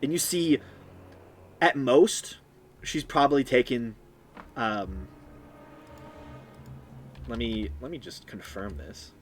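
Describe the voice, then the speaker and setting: Male game master narrating scenes, descriptive, halting with ums, mid pitch. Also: a little hiss or hum. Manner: descriptive, with many ums and restarts. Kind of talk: narrating a tabletop game on a live stream.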